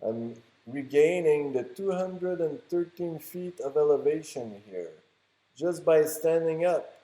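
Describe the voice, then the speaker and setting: Slow, dark-voiced French Canadian man. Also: on the high side, expressive. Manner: chatty, rambling, teasing asides. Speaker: vlogger. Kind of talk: casual on-camera narration. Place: outdoors on a beach by the water. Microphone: handheld camera mic.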